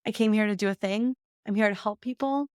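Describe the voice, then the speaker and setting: A woman's voice: medium pitch, fairly quick, a little mellow, smooth, no room sound, studio quality. Candid woman telling a story. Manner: candid, emotional, laughs often while telling. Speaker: podcast host. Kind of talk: personal storytelling monologue.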